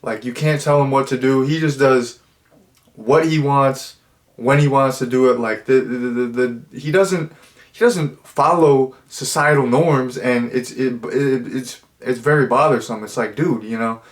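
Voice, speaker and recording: A man's voice: mid-range voice, unhurried. A man giving a casual spoken movie review, rambling, with many fillers and false starts. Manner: rambling, full of fillers and restarts.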